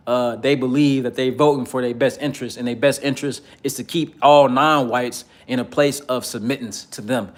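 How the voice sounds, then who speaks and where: A man giving a casual commentary monologue, rambling with many fillers and speaking bluntly and profanely. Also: medium pitch. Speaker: political commentator.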